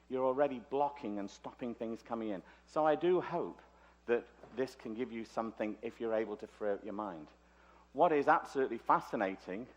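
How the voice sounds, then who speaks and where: British man, conference lecturer, chatty, joking asides, mid-pitched voice, muffled lo-fi sound. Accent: British English. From Liverpool, England. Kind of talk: conference talk. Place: conference hall.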